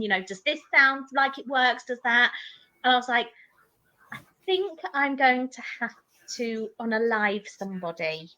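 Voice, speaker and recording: A woman author telling anecdotes in an animated way, acting out what others said. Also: mid-range voice. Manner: animated storyteller, acts out quoted dialogue. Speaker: author guest. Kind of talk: casual chat.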